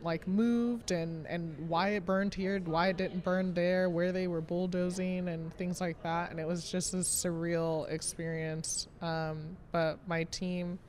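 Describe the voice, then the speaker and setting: A woman's voice: lowish voice, fairly even intonation, unhurried, few pauses, darkish tone. A woman in her late twenties, a vineyard manager, talking casually in an interview, chatty and self-deprecating, laughing often between many fillers. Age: 20s.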